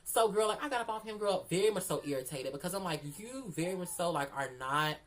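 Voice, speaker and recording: A woman's voice: fairly low pitch, animated, fast, a little hiss or hum. A woman telling a candid, profane story in casual vlog chat, repeating phrases for emphasis and calling the listener "girl". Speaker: storyteller vlogger.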